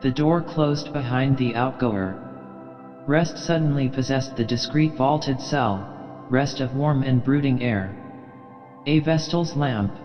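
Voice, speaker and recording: A man's voice: mid-range voice, slow pace, a little mellow. Man narrating an audiobook, echoey. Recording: reverberant dull recording, faint music.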